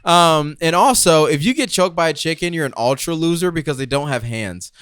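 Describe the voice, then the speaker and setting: A man co-hosting a podcast in a casual comedy debate, teasing and trash-talking in an animated way. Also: a little high, fairly quick, clear, resonant tone, no room sound, studio quality. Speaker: podcast co-host.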